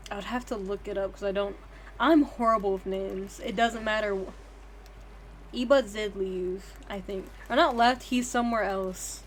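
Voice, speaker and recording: A woman's voice: medium pitch, fairly even intonation, normal speed, a little hiss or hum. A young woman streaming a game, chatting casually in a rambling, profane, giggly way. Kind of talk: casual livestream chat.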